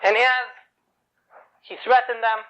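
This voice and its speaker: A man's voice: very high voice, level tone, slow pace, bright, forceful tone. A man telling an inspirational story in a chatty way, often asking rhetorical questions. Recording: dull lo-fi recording.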